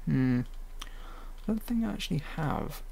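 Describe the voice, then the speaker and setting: A man's voice: a little high, lively intonation, measured pace, creaky, warm tone. A man rambling casually with frequent fillers while he edits his own animation at a home computer. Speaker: animator editing his own fan series. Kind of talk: casual editing commentary.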